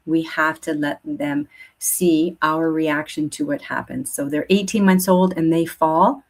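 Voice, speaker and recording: A middle-aged woman, a speech therapist guest, explaining in a calm way and acting out parents and toddlers. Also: low voice, measured pace. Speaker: speech language pathologist guest. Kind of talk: casual interview chat.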